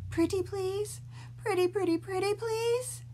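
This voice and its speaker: A woman voicing a gentle, patient mother in a storybook reading, coaxing in a high sing-song. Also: a little slow, a little hiss or hum.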